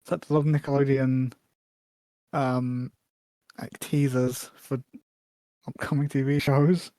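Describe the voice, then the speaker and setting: Mellow male co-host, dry close sound. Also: medium pitch, level tone, takes it slowly, no echo. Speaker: podcast co-host. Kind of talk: casual chat.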